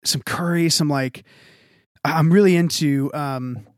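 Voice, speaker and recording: With a slightly high voice at a measured pace, this man co-hosts a podcast, recorded clean in a studio with no echo. His casual chat drifts into rambling stories packed with fillers, "like" above all.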